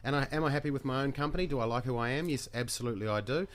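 A man's voice: mid-range voice, very fast. A man with a New Zealand accent, a guest on a radio show, good-humoured and earnest. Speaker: studio guest. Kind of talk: radio interview.

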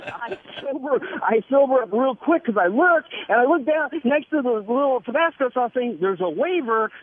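A man calling in to a radio show, telling a rambling, self-mocking comic story with stammers and laughs over a phone line. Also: extremely high pitch. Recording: tinny phone line with studio talk behind.

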